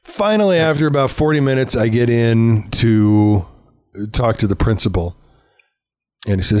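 A man's voice: fairly low pitch, moderate pace, darkish tone. Candid, profane middle-aged man. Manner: candid, profane, self-mocking, laughs often. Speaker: parent telling a story. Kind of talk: casual conversation, storytelling.

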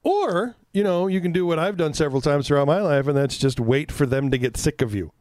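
A man's voice: fairly high pitch, a little fast, darkish tone, no room sound. Man, podcast co-host, casual chat, candid storyteller, swears freely, dry close sound.

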